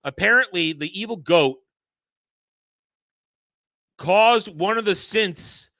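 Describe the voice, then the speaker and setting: High, sharp-voiced ranting male reviewer. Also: no room sound. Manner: ranting, exasperated and sarcastic. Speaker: show reviewer. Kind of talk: casual commentary over an episode.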